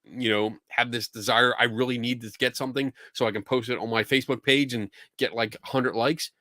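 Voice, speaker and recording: A man's voice: mid-range voice, steady tone, a little fast, bright, forceful tone, dry recording, clean studio sound. Chatty Philly man hosting a show. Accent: Philadelphia. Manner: chatty, laughs and swears freely. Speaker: podcast host. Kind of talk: casual livestream chat.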